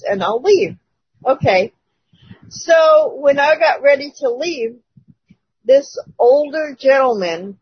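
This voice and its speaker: Woman, churchgoer giving a testimony, breathy and raspy, storytelling with little laughs, lo-fi dry line. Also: high-pitched, no room sound. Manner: chatty storytelling, laughs between phrases. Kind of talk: casual spoken testimony.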